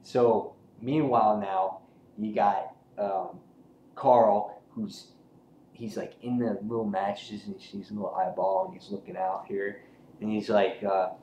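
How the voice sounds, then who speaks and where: Rambling, excitable man in an echoey room. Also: on the low side, measured pace. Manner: rambling, excitable, profane, lots of "he's like". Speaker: comic book reviewer. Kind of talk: casual video review. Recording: echoey room with faint noise.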